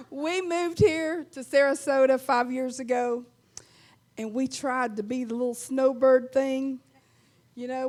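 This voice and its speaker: A woman's voice: high-pitched, darkish tone. A woman in her fifties with an Alabama accent, performing a folksy stand-up set and chuckling at her own lines. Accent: Southern US, Alabama. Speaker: stand-up comedian.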